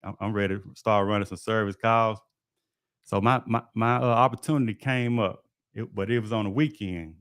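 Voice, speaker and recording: A low-voiced man, talking casually to his livestream viewers. He tells stories in a folksy, easygoing way and keeps dropping in "man". The sound is dry and close, with no room echo. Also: normal speed, a bit bright. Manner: laid-back, folksy, peppers talk with "man". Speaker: HVAC technician and livestream host.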